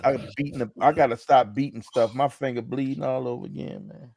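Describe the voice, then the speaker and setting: A man's voice: mid-range voice, fairly quick, vocal fry, darkish tone, a little hiss or hum. A man in his forties hosting a casual chat, laid-back and laughing often, his voice wearing thin. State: losing his voice. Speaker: podcast host.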